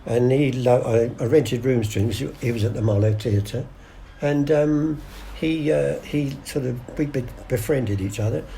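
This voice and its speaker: Older man, chatty yarn-spinner, mellow low-key voice, faint hiss behind. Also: a little slow, gravelly. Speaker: guest storyteller. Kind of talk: casual anecdotal interview.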